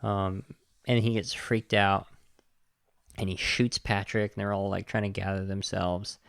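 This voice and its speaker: A man hosting a podcast, casually retelling a film plot in an animated, indignant way. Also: low voice, measured pace, gravelly, smooth, no echo, studio quality. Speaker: podcast host reviewing a film. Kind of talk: casual film review chat.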